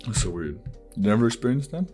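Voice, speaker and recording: A man's voice: medium pitch, sing-song, very fast, dark tone, faint music behind. A man hosting a casual podcast who rambles profanely, packing his talk with "like" and breaking into laughs. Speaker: podcast host.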